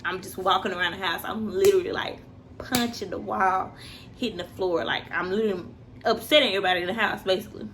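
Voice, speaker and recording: A young woman telling a personal story in a casual, animated way, jumping high for quoted voices and dropping to a hush in tense moments. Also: quick pace, slight background noise. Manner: animated, acts out quoted voices with big pitch jumps.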